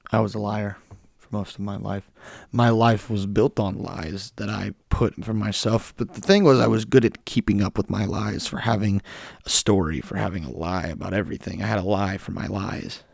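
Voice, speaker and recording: A young man with a hoarse voice from a cold, ranting bluntly in a solo podcast monologue. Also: on the low side, steady tone, normal speed, darkish tone, no room sound, clean studio sound. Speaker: podcast host.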